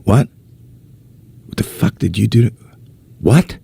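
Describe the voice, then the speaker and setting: A man's voice: on the low side, animated, slow pace, gravelly, dark tone, husky, no echo, full character voice. A man putting on the Lord as a frantic grieving father in a retold comedy bit, pleading and screaming. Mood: screaming grief.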